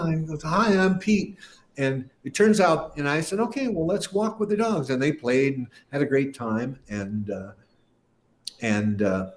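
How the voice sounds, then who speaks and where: An older man, a musician guest, telling a rambling anecdote in casual talk and acting out the voices of people he quotes. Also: mid-range voice. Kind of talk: casual storytelling interview.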